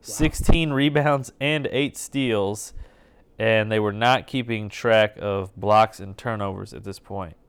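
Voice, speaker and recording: A man co-hosting a sports podcast, joking with deadpan asides. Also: on the low side, takes it slowly, clear, resonant tone. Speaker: podcast co-host. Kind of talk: casual chat.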